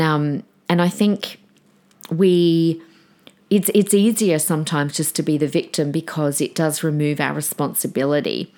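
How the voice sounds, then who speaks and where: Low-voiced woman podcaster. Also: a little mellow. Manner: chatty, direct, addresses listeners as guys. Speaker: podcast host. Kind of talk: solo podcast talk.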